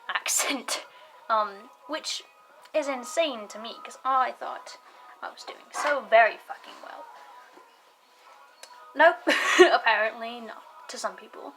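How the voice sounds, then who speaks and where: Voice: mid-range voice, pushed and bright, low-quality recording. A young adult vlogger chatting casually to camera, rambling off on tangents with frequent laughter and casual swearing.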